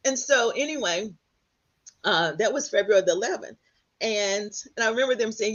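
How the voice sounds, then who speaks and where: A middle-aged woman from Texas, a guest telling her story in an animated way, often acting out what others said. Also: mid-range voice, brisk. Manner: animated, quotes others in lively voices. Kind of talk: storytelling in conversation. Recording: dull lo-fi sound.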